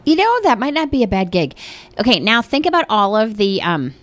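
A woman's voice: medium pitch, very animated, a little fast. A woman co-hosting a casual banter show, playful and teasing.

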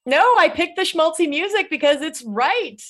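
A woman's voice: very high-pitched, expressive, normal speed. A woman guest on an interview, speaking enthusiastically and upbeat. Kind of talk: excited interview talk.

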